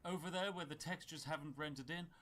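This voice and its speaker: A man's voice: fairly high pitch, fast talker, fairly bright tone, a little hiss or hum. A man with a British accent narrating his gameplay with dry, wry humor and mock-grand asides. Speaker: gaming YouTuber.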